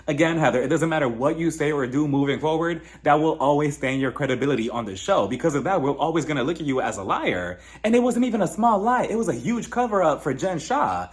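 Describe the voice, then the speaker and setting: A young man giving a casual, animated recap of a reality TV episode, acting out the cast in quoted voices and laughing often. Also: fairly high pitch. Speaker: reality TV reviewer.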